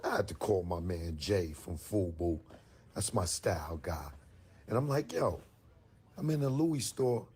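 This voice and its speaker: A male comedian telling a story in an animated, exaggerated way, jumping into high-pitched outbursts. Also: measured pace. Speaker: comedian host.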